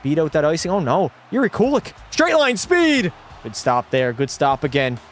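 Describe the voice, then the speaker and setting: A young man streaming a hockey video game, chatting with his viewers and breaking into profane, shouted rants. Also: on the high side, huge pitch swings, normal speed, faint music behind. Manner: profane, talks to chat, erupts into shouting rants. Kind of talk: casual gaming livestream commentary.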